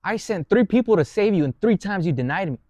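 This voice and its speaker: A man voicing God as a calm, fatherly judge. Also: sits high, fast, dry recording, voice pushed up. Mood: gentle reproach.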